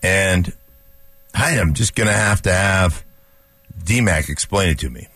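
A man's voice: low voice, unhurried, a bit bright, slightly rough, dry recording. A man co-hosting a sports radio show, cocky and sarcastic in casual banter.

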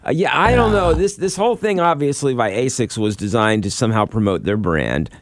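Lively, chatty male radio host. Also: medium pitch, a little fast, no room sound. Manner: chatty, laughing easily, restarts. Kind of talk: casual radio banter.

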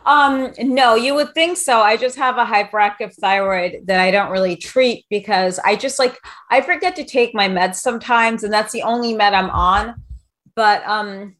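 A woman's voice: a little high, normal speed, fairly bright tone. A woman from New York City hosting a casual podcast, talking in a brash, rambling, jokey way full of likes. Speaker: podcast host.

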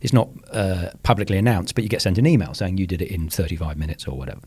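A man in his sixties, an author chatting as a guest, telling stories with lively swings and acted-out quotes. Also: low-pitched, fast talker, slightly rough, no room sound. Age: 60s. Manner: animated storyteller, acting out quoted voices. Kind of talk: casual interview chat.

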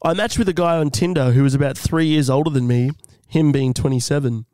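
A young man co-hosting a comedy podcast reads out a listener's letter, adding jokey asides in a casual chat. His voice is fairly high and warm, fairly quick, with no echo.

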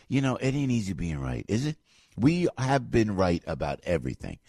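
A man hosting a morning radio talk show, talking in a casual, opinionated way, excitable and jokey, often jumping loud and high. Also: moderate pace, no room sound, clean studio sound. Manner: animated, excitable, jokey, swings loud and quiet.

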